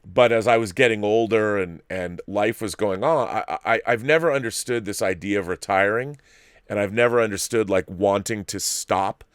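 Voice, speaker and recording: A man's voice: fairly low pitch, moderate pace, clean tone, no echo, clean studio sound. A man in his fifties hosting a live-stream show, chatting in a rambling way with many restarts. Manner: baby-talk voice to dogs. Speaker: host.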